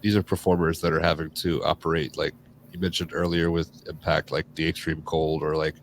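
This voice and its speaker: A podcast host with a very low voice chats casually, leaning on "like" as a filler. He sounds relaxed and loose rather than scripted. A faint hiss sits behind him. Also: a little fast. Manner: loose, filler-heavy, frequent "like". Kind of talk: casual interview chat.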